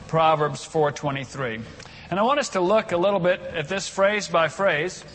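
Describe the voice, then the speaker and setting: A male pastor preaches a sermon in a relaxed, talky way and now and then has the congregation recite a verse with him. His voice sits a little higher than most men's. The sound has a long reverb from a large church room, with a faint hum under it. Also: normal speed. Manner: conversational, leads the congregation in reciting scripture.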